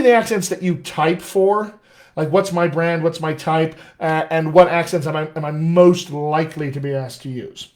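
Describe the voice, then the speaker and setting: Brief: American man, dialect coach, upbeat live Q&A, voice on the high side. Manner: chatty, enthusiastic, reads out viewer questions. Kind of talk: live-stream Q&A lesson.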